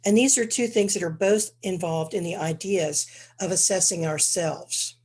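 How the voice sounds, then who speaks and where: A congested woman presenting an educational webinar in a measured, explanatory way. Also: on the low side, a little mellow, husky. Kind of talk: educational lecture.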